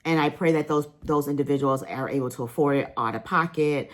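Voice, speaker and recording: A woman talks casually to her viewers in a vlog, earnest and emotional to the point of being near tears. Her voice is low and fairly quick, and she rambles with lots of fillers and restarts.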